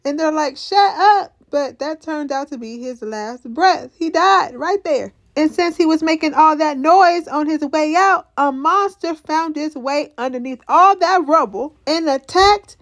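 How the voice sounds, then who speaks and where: A woman giving a casual recap of a TV episode, with animated commentary and joking asides. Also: high voice, a little slow, hardly any pauses. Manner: animated, joking asides, acts out characters' lines. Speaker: TV recap vlogger.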